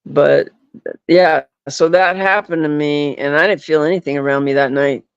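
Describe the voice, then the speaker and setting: A man's voice: fairly high pitch, steady tone, normal speed, creaky, clean tone, dry recording. A man in casual chat as a podcast guest who rambles and fills his talk with "like" and "you know". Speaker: podcast guest, paranormal investigator. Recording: dull, lo-fi, dry.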